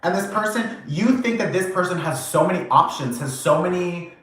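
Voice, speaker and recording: A man giving a channeled tarot reading, animated and casual, acting out quoted reactions, swearing now and then and laughing often. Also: sits high, moderate pace. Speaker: tarot reader. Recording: very echoey room.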